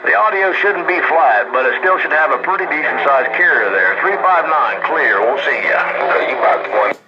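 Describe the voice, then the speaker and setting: A man's voice: on the high side, lively intonation, normal speed. A man on CB radio, laid-back, with slangy radio lingo and lots of fillers. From Ohio, US. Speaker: CB radio operator. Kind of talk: casual radio chat. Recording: muffled radio transmission with static.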